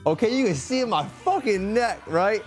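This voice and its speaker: A young man tells a story on his live stream, swearing freely and getting heated as he retells it. His voice sits fairly high for a man, and soft music plays behind him. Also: normal speed. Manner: profane, animated, heated retelling.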